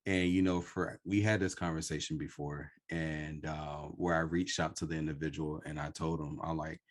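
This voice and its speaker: A man hosting a podcast, telling his own story slowly and earnestly in a reflective conversation. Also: extremely low pitch, little pitch movement. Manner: slow, earnest, personal storytelling. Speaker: podcast host.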